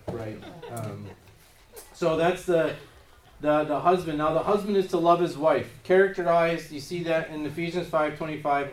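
A man preaching a sermon, pressing his points with emphatic rises in force. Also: on the high side. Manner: emphatic, rising in force on key phrases. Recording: roomy echo, voice from a distance.

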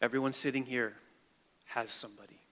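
Male pastor, sermon delivery, bright tone, dynamic from hushed to emphatic, long hall echo. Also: mid-range voice, fairly even intonation, fairly quick. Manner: preaching with emphatic rises and quiet, hushed stretches.

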